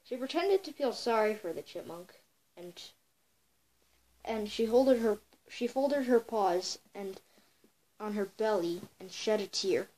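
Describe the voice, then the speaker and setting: A woman's voice: medium pitch, lively intonation, a little slow, mellow, poor audio. A girl telling a folk tale for a home video, reading with many stumbles and self-corrections. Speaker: storyteller.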